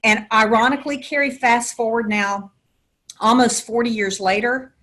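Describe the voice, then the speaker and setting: A woman's voice: on the high side, fairly even intonation, moderate pace, bright, forceful tone. A middle-aged woman with a Southern American accent, a podcast guest who talks in folksy metaphors. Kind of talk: podcast interview.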